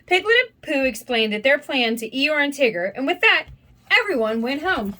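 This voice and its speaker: Woman, children's read-aloud narrator, expressive, bright, high-pitched. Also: moderate pace. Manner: expressive, animated. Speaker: storybook reader.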